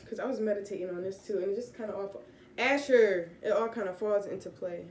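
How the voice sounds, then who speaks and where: A woman's voice: medium pitch, fast talker, roomy sound, slight background noise. Rambling woman teaching scripture casually. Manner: relaxed, rambling, many fillers and self-corrections. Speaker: vlogger giving Bible teaching. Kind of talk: casual spoken Bible teaching. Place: home room with pets.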